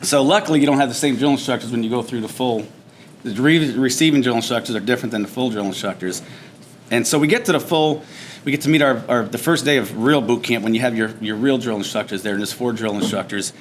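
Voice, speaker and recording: A man of ordinary mid-range pitch tells a personal story at a veterans' breakfast, his delivery loose and conversational. He speeds up and slows down as the story moves. Faint room ambience sits behind him. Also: slight background noise. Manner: animated storyteller, acts out shouted drill instructor lines. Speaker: veteran speaker. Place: banquet hall at a veterans breakfast.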